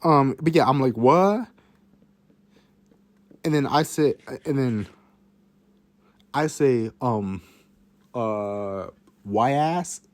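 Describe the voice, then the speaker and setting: A man's voice: mid-range voice, slow pace, pauses often. A man telling a casual story to his viewers, rambling and repeating himself, laughing and swearing along the way.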